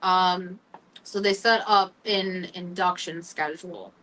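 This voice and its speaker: A young woman hosting a talk show, telling her own story candidly and emotionally, halting often with fillers. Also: lowish voice, steady tone, a bit bright, distant mic, low-quality recording. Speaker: podcast host. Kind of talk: personal storytelling.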